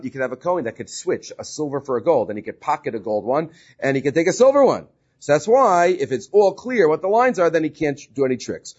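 A man teaching a Talmud study class, reading Hebrew and Aramaic text and paraphrasing it with frequent fillers and restarts. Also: on the high side. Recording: dull lo-fi recording.

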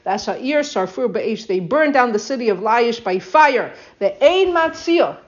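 A woman leads a verse-by-verse scripture lesson. She moves between reading the original verses and retelling them with lively emphasis. Her voice sits slightly high, and the recording sounds muffled and lo-fi. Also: unhurried. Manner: reads Hebrew verses then explains in English, animated retelling. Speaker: Bible teacher. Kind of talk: text study lesson, translating verse by verse. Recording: dull lo-fi recording.

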